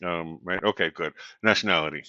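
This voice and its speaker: Relaxed man lecturing, dull dry audio. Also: low-pitched, fairly quick, no room sound. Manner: relaxed and conversational, many fillers and "right?" tag questions. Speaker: university Spanish instructor. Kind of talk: recorded lecture.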